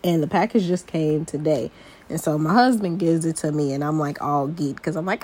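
A woman's voice: sits low, normal speed, a little mellow. A young adult woman hosting a personal podcast, chatty and confiding as she talks straight to her listeners. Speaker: podcast host. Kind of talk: casual personal podcast talk.

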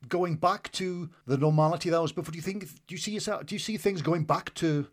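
A man's voice: on the high side, fast. A man with a West Walian Welsh accent hosting an interview, chatty and rambling, restarting his questions often. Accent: West Wales Welsh. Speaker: podcast host. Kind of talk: casual interview chat.

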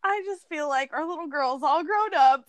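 A woman's voice: high voice, normal speed, no room sound. A woman co-hosting a podcast in casual chat, gushing and laughing often. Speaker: podcast co-host.

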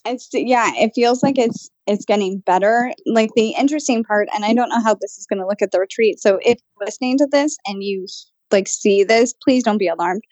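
A woman co-hosting a casual podcast, telling a story in an animated way, full of "like" fillers and the odd swear. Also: mid-range voice, a little fast, no room sound. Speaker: podcast co-host and channel. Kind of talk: casual chat. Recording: dull, dry, lo-fi sound.

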